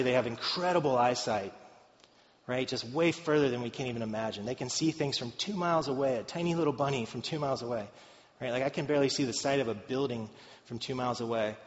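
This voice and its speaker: A man preaching in a casual, chatty way, tossing joking asides to his listeners. His voice sits a little high for a man. The sound is dull and lo-fi, with a long echo from a big hall. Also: fairly bright tone. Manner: conversational, joking asides to the congregation. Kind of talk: sermon.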